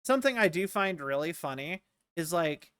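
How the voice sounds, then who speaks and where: Streamer rambling on about stuff, lots of likes, smooth clear voice, super dry close sound. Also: mid-range voice, animated, moderate pace, a bit bright, no echo. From rural United States. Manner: rambling, many "like"s and restarts, amused. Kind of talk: casual chat while streaming a game.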